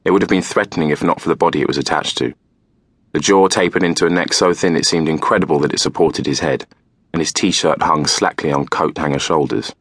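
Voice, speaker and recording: A man narrating a novel in the first person, calm and measured. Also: a bass voice, husky, dry recording. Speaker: audiobook narrator.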